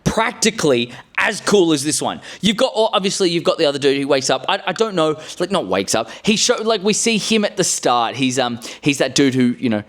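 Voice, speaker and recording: A man chatting casually as he recaps a show, rambling and restarting his sentences with blunt, cheeky remarks. His voice sits a little higher than most men's. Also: very animated, brisk, hardly any pauses, fairly bright tone.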